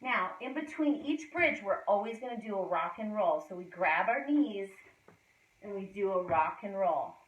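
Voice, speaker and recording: A woman's voice: mid-range voice, animated, moderate pace. A woman gymnastics instructor demonstrating moves for a children's class, giving encouraging, sing-song cues. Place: indoor gym. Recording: echoey gym from a distance.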